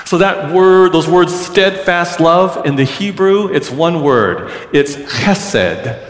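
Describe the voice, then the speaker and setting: A man's voice: a little high, animated, takes it slowly. Male pastor preaching in an echoey church. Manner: earnest, teaches the congregation to repeat a word. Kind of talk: sermon. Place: large church sanctuary. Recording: roomy church with long reverb.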